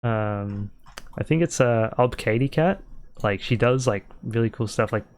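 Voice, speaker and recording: A man's voice: on the low side, unhurried. A man as a podcast guest, rambling casually with many "like"s and "uh"s. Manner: rambling, heavy use of "like" and "uh". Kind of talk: casual chat.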